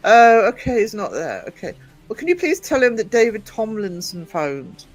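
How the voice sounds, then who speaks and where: A man's voice: sits high, sing-song, normal speed, faint music behind, voice pushed up, poor audio. A man putting on the very posh voice of a self-important older actor calling on the phone. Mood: polite posh. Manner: self-important, expects to be recognised.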